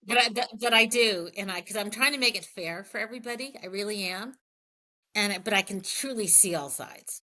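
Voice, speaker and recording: A woman's voice: medium pitch, brisk, bright, forceful tone. A middle-aged woman, a health plan president, speaking candidly in an interview and telling stories with quoted dialogue. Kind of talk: conversational interview storytelling.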